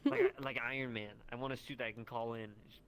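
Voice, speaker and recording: A man's voice: mid-range voice, steady tone, quick pace. A man in a casual roleplay chat, talking eagerly and playfully.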